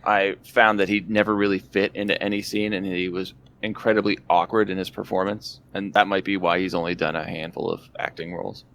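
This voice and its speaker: A man's voice: low-pitched, level tone, brisk, creaky, hardly any pauses, a bit bright. A man in his thirties co-hosting a podcast, matter-of-fact as he runs through facts and figures. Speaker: podcast co-host. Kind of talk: casual movie review chat.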